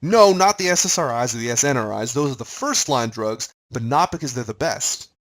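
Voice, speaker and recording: A man's voice: medium pitch, lively intonation, fairly quick, a bit bright, low-quality recording. A man giving a recorded pharmacology lecture in a conversational way, quizzing his listeners as he goes.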